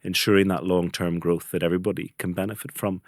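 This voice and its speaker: A man's voice: sits low, little pitch movement, dry recording, studio quality. A man hosting an interview, asking questions and musing thoughtfully on business. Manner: rapid, thoughtful, reflective. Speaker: podcast host.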